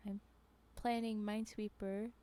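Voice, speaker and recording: A woman streamer talks casually into a desk microphone while she plays a game, with mouse clicks behind her. Her voice is mellow and warm, at a middling pitch. She is playful and laughs a lot, then slips into soft muttering when she focuses. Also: level tone, measured pace. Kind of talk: casual chat while gaming.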